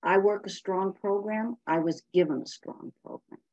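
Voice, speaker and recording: A woman's voice: mid-range voice, moderate pace, a little mellow, no echo, lo-fi sound. A woman giving a blunt, emphatic personal share as a speaker at a recovery meeting.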